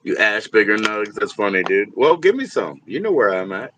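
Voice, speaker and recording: Man, livestream host, lowish voice, rambling, profane, laughs a lot, casual chat with viewers. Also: sing-song, moderate pace, noisy background.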